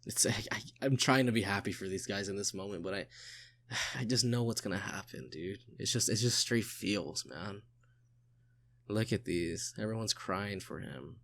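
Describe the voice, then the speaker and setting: A man's voice: on the low side, normal speed, a bit bright. A young man reading a comic aloud and reacting to it in a casual way, sighing and swearing often. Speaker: manga reaction channel host.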